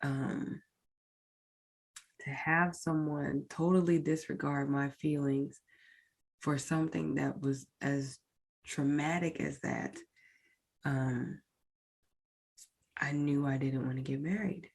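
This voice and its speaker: A woman's voice: deep voice, steady tone, slow pace, gravelly, long pauses, breathy edge. A woman podcast host recounting a painful personal experience in a candid, emotional way, speaking directly to her listeners. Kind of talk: personal storytelling.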